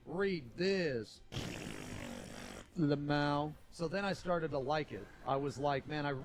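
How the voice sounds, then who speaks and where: A man streamer telling stories in casual live-stream chat, animated and swearing freely. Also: fairly high pitch, a little hiss or hum.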